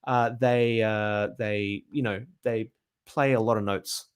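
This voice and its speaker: A young Australian man teaching bass, answering viewer questions in a casual livestream, upbeat and chatty with frequent filler sounds and restarts. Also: fairly even intonation, slow pace, smooth.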